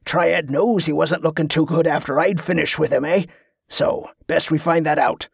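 A man's voice: a little high, fairly even intonation, moderate pace, gravelly, husky, no echo, studio quality. A man playing a blunt, bullying male ringleader who growls orders with scorn. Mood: gruff commanding. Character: gruff bullying male schemer, a leader.

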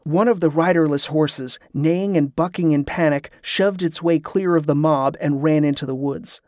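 A male narrator reading a fantasy novel with vivid, dramatic delivery. His voice sits fairly high for a man, captured on a close mic in a dry, dead space with no room sound. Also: moderate pace, a little mellow, dry recording. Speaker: audiobook narrator.

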